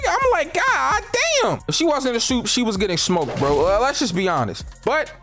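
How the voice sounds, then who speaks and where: A man's voice: high-pitched, brisk, soft background music. Fields: Sex: man. Role: commentator. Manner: slangy, profane. Style: casual recap. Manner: slangy, profane, animated storytelling. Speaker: YouTube commentator.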